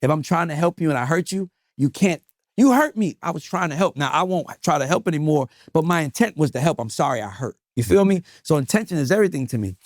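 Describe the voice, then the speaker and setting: A man being interviewed, telling stories in an emphatic, animated, profane way. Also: fairly high pitch, fast, no echo, studio quality. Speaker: music manager guest. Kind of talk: casual interview storytelling.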